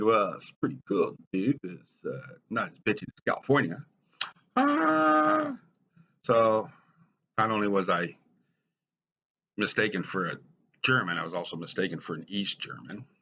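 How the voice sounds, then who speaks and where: A middle-aged American man with a low, husky voice tells personal stories in a dry, deadpan way. His tone is bright and forceful, and the humor stays wry. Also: highs cut off. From United States. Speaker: storyteller. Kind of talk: stand-up style personal storytelling.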